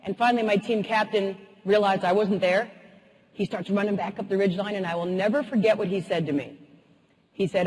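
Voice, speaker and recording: Woman motivational speaker, keynote storyteller, animated and funny, husky voice, long hall reverb. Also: medium pitch, a little fast. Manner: lively, humorous, animated.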